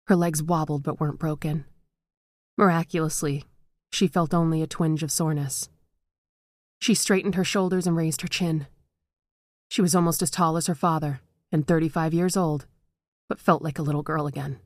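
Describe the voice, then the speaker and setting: A woman narrating a horror short story in a measured, dramatic way. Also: sits low, steady tone, a little mellow, dry recording.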